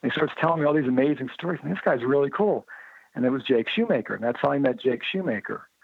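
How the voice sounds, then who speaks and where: A man being interviewed, telling motorcycle racing anecdotes in a lively way and acting out the dialogue he quotes. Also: mid-range voice, fast, creaky, breathy edge, no room sound. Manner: lively storyteller who acts out quoted dialogue. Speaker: interview guest, motorcycle writer. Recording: narrow phone-like line, dry.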